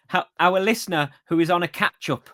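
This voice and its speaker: A man's voice: sits high, measured pace, fairly bright tone. A man co-hosting a running podcast, easygoing and agreeable, reading listener comments. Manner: easygoing, agreeable, frequent yeahs. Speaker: podcast co-host.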